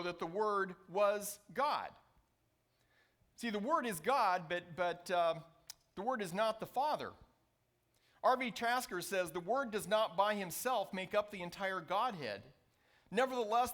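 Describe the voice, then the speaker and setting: A man preaching a sermon as a pastor, reading scripture aloud and slowing down to stress key phrases. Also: sits high, fairly bright tone. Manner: reads scripture passages aloud.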